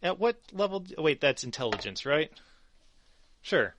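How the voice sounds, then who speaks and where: A man narrating as game master of a tabletop game, relaxed and rambling with many fillers. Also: a little high, normal speed, slight background noise.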